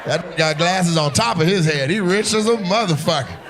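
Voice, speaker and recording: A man's voice: high-pitched, expressive, moderate pace. A man doing teasing, profane crowd work as a stand-up comedian on a club stage. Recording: live show with crowd noise. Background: audience laughter.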